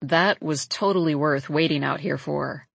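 A woman voicing a laid-back young man who talks in a low, easygoing, teasing way in an audiobook. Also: moderate pace, gravelly, fairly bright tone, no room sound, heavily acted. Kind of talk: audiobook character voice.

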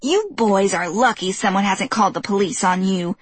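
A woman's voice: medium pitch, moderate pace, husky, dry recording, lightly acted. A woman voicing a frail, skinny older woman who bluntly scolds and snaps orders at her neighbors. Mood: scolding.

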